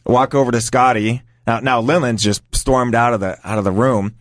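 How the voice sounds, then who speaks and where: A man telling a casual story in an animated way, acting out the voices of the people involved. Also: medium pitch, brisk, dry recording, clean studio sound. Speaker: guest storyteller.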